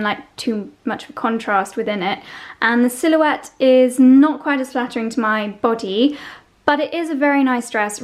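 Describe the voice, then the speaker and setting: A young woman, chatting casually through a fashion try-on vlog, gushing and easily sidetracked. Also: on the high side. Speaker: fashion vlogger.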